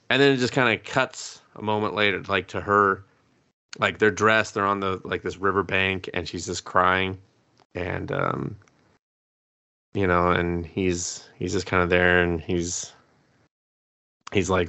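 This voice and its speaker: A man with a low, gravelly voice and a bright, forceful edge tells the story of an episode to his co-host. He swears freely and slips into acted-out quotes as he goes, in a loose, casual podcast chat. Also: moderate pace. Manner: profane, animated storytelling, acting out quotes. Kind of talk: casual recap of an anime episode.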